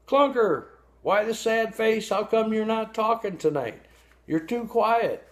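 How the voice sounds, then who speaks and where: A man voicing a curious male fish who calls out loudly from a crowd. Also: sits high, expressive, measured pace, pitched above the performer's own voice. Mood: nosy. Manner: calling out, teasing.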